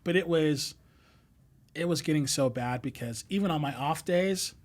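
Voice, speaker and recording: A man's voice: a little high, moderate pace. A man telling stories as a podcast guest, talking casually with lots of fillers and restarts and laughing as he goes. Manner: rambling, many fillers and restarts. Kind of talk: casual storytelling chat.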